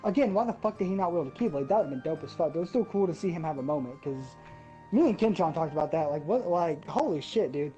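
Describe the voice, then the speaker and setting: A woman's voice: deep voice, fast talker, muffled recording, soft background music. A woman ranting about a game in casual chat, swearing freely and getting worked up. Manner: profane, ranting, animated. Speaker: gaming podcast host.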